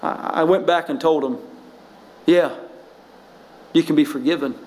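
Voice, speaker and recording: Male pastor, high voice, preaching with passion; rises to shouts, drops low for stories. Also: measured pace, low-quality recording. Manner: impassioned preaching, rising and shouting at peaks. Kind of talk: sermon.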